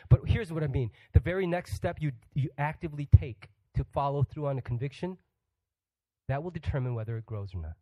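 Delivering a sermon as a guest pastor, this man has a fairly high voice and speaks a little fast. He's humorous, jokes with the congregation, asks them questions, and acts out quoted voices. The recording is dry, with the highs cut off.

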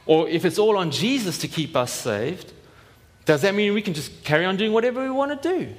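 A man's voice: high-pitched, sing-song, a little fast. A man preaching a sermon in a casual, conversational way, acting out imagined voices as he goes. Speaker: pastor. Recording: long hall reverb.

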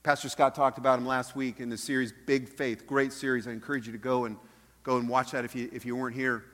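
A man preaching a sermon as pastor, earnest, dropping soft and then rising loud. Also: mid-range voice, flat delivery, fast. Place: church sanctuary. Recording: long hall reverb.

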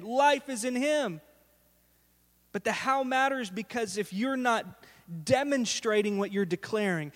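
Lively high-voiced pastor in a reverberant hall. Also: male voice. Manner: animated storytelling, acts out quotes. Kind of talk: sermon. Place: church sanctuary.

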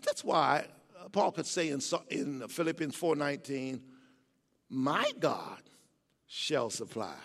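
An older man preaching a sermon, swinging from low, quiet passages to soaring, emphatic shouts. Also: lively intonation, slow pace. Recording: long hall reverb.

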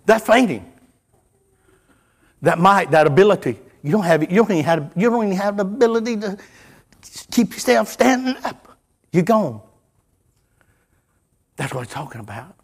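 A middle-aged preacher with a fairly high voice for a man. He preaches in a folksy, storytelling way, sinking to near whispers and then climbing high and loud. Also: lively intonation, normal speed, pauses often, breathy edge. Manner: folksy, storytelling, wide swings from hushed to loud. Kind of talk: sermon.

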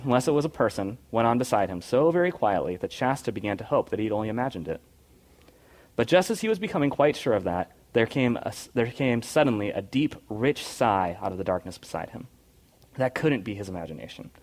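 Soft-spoken man reading a story aloud. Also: mid-range voice. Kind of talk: storybook reading and devotional talk.

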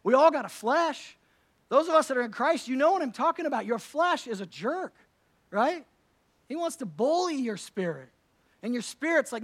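A male pastor preaching a sermon at a church service, conversational and emphatic, swinging between loud declarations and soft asides. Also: very high voice, big pitch swings, normal speed.

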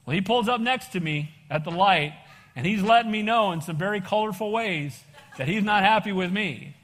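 A man pastor preaching a sermon, animated and casual, calling for amens and calling people "bro". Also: high-pitched, moderate pace. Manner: casual slang, says "bro". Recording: long reverb of a church hall.

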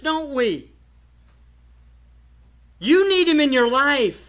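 A man's voice: very high voice, animated, a little slow, long pauses, a bit bright. A man preaching a sermon as pastor, emphatic and full of rhetorical questions to his congregation. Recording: dull lo-fi church recording.

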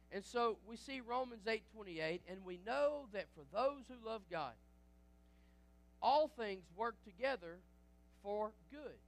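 A pastor preaches in a lively, conversational way, asking the congregation for an amen. His voice sits high for a man, and he often stumbles and restarts mid-sentence. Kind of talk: sermon.

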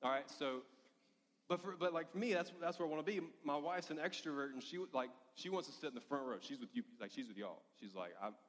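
A male preacher telling a funny personal story in a sermon, with lively humor. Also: a little high, quick pace. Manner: storytelling, animated, self-deprecating humor. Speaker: pastor. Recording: long hall reverb.

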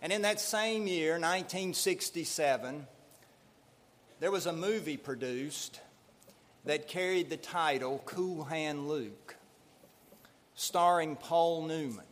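Slow, deliberate preacher with hall echo. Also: male voice, fairly high pitch. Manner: slow, deliberate, measured delivery. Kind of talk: sermon. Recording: long hall reverb.

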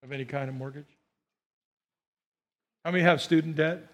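A male pastor preaching a sermon to his congregation, animated, repeating phrases and coaxing the people to answer back. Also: fairly high pitch, moderate pace. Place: church.

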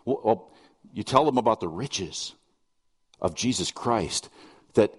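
A man's voice: on the low side, lively intonation, takes it slowly, breathy edge, in a large hall. A middle-aged man preaching a sermon, earnest and conversational, mixing scripture with personal stories and asides. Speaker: pastor.

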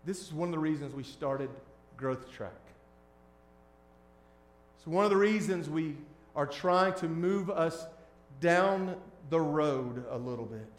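A man preaching as a pastor, shifting between hushed, tender lines and loud, emphatic ones. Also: on the high side, lively intonation, slow, echoey room, a little hiss or hum. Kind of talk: sermon.

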